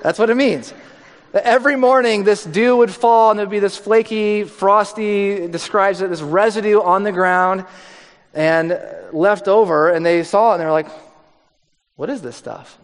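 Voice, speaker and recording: Joking, high-voiced male pastor. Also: moderate pace, in a large hall. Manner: conversational and joking. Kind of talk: sermon.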